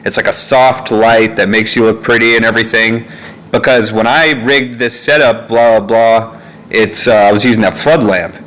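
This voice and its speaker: A man's voice: on the low side, fairly even intonation, normal speed, a bit bright. A young man rambling at home in a casual monologue, full of fillers and asides, recorded on a phone. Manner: meandering, with frequent fillers and asides. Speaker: vlogger. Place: family home, indoors. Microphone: phone on a neck holder.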